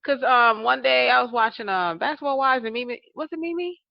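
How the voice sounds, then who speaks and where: A woman co-hosts a podcast with a fairly high, brisk, creaky voice, recorded dry and sounding dull. Chatting casually, she tells animated stories, laughs often and acts out quotes.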